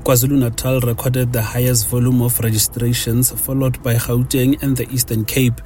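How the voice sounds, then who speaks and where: Mellow male news reporter. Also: mid-range voice, normal speed, a little hiss or hum. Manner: formal, steady reading.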